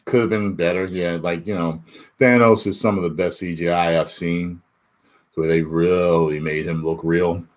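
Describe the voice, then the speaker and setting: A man's voice: sits low, normal speed. A man and YouTube reviewer in casual spoiler talk, reading chat questions aloud and laughing often. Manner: animated, laughing, swings between loud and muttered.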